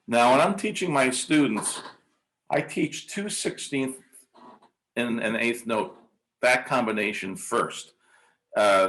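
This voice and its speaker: A music teacher leads a conference workshop, demonstrating by counting beats and chanting rhythm syllables, his delivery hesitant and full of ums and uhs. He has a fairly low-pitched, somewhat bright voice.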